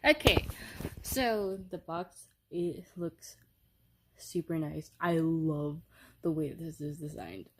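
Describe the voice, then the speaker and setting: A young woman talks through a casual at-home unboxing, filmed on her phone. Her voice sits a little low and she speaks slowly, drifting between thoughts with frequent giggles and little fillers. She sounds giddy with delight the whole way through. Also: husky. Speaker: vlogger. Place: upstairs room at home. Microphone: phone held by the speaker.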